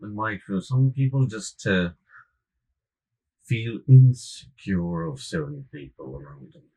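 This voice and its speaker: A man's voice: medium pitch, sing-song, slow pace, creaky, warm tone, husky, poor audio. A man hosting a casual conversation, who listens closely with murmured agreement and offers reflective remarks. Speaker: host.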